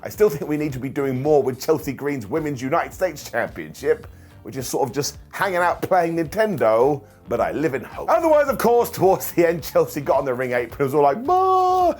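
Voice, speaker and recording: Young male host, husky and animated, solo show review. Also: on the high side, a little fast, faint music behind. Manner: animated, jokey, puts on silly voices for quotes.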